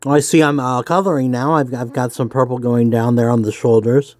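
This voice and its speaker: A man's voice: mid-range voice, fairly quick. Nerdy-sounding man reading aloud. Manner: self-described nerdy voice, relaxed with fillers. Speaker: comics vlogger. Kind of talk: casual reading aloud while drawing.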